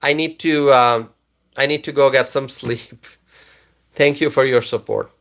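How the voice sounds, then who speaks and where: A man hosting a casual live stream, tired after a long day, talking slowly and repeating himself as he reads viewer comments aloud. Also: medium pitch, steady tone, creaky, a bit bright.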